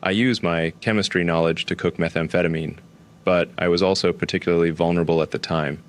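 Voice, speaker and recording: A man playing a deadpan tech billionaire, very low voice. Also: fast, heavy background noise, close to an everyday voice. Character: smug careless tech billionaire, adult man. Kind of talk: comedic interview sketch.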